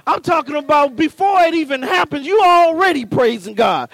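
A male preacher with a very high voice delivers a fervent sermon, swinging from calm teaching to shouted exhortation. He talks in a folksy, punchy way straight at the congregation, caught up close and dry. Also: moderate pace, creaky, no room sound.

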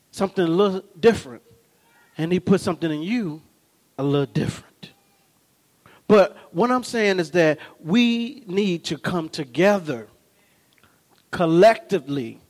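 A man preaching a sermon, animated and humorous, telling stories and often asking the congregation whether they follow him. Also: high voice. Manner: humorous storytelling with laughs. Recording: long reverb of a large hall.

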